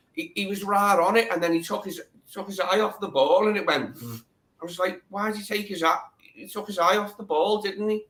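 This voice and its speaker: A man with a bright, forward voice, pitched a little high, talking football casually as a guest. He agrees readily and circles back to repeat his points. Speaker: guest co-host.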